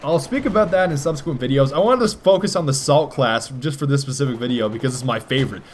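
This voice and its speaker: A man's voice: mid-range voice, fast talker, a little hiss or hum. A young man giving jokey gameplay commentary for a video game, often breaking into silly voices. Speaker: gaming commentator.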